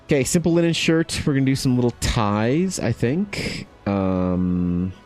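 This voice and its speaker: A man's voice: medium pitch, lively intonation, unhurried, darkish tone, soft background music. A man in his thirties, an artist chatting casually with viewers while drawing, laid-back and rambling, laughing often and calling people dude. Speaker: artist livestreaming.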